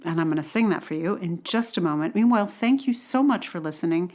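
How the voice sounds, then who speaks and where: A woman's voice: fairly low pitch, lively intonation, quick pace, few pauses, darkish tone. A woman from New York hosting a solo podcast, talking in a rambling, chatty way with self-deprecating asides. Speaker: podcast host.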